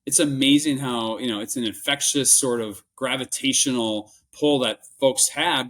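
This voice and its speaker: A man's voice: medium pitch, normal speed, few pauses, a bit bright. Earnest Minnesotan man, rambling. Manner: earnest and rambling, many restarts and fillers. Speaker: podcast guest, business buyer. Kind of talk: candid interview storytelling.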